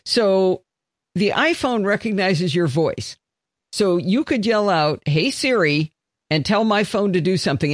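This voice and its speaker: A man's voice: high-pitched, no echo, studio quality. A man hosting a casual tech podcast chat, joking and laughing easily as he talks. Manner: animated, jokey, laughs often. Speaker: podcast host.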